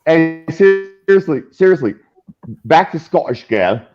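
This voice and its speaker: A man's voice: a little high, a little slow, over loud music. A man ranting on a livestream call, his voice leaping up and down as he swears. The sound is muffled and lo-fi, like remote call audio. He speaks in a loose, casual way. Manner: animated, swearing ranter. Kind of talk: casual chat.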